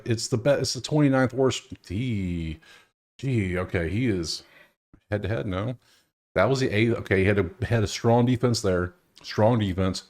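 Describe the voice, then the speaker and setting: Loose-talking man breaking down bets. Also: fairly low pitch. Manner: loose, talking to himself, swears. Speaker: sports betting host. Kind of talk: casual betting breakdown.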